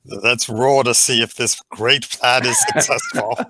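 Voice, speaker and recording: A man leading an improvised story game, narrating playfully with halting restarts. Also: mid-range voice, steady tone, sharp tone, poor audio.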